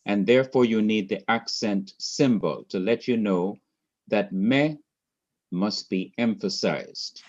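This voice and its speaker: A man teaching a Hebrew grammar class, explaining slowly and carefully with much repetition. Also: on the low side, darkish tone. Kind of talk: recorded class lecture. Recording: dull lo-fi class recording.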